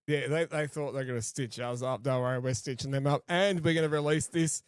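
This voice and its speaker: A man's voice: mid-range voice, fairly even intonation, brisk, smooth, no room sound, studio quality. Laid-back swearing man in his forties. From Australia. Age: 40s. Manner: laid-back, crude, laughs often. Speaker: podcast co-host. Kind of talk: casual chat.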